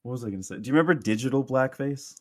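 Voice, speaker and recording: A man's voice: medium pitch, lively intonation, very fast, no room sound, studio quality. A man co-hosting a casual podcast chat, rambling with lots of "like" fillers and frequent laughs. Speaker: podcast co-host.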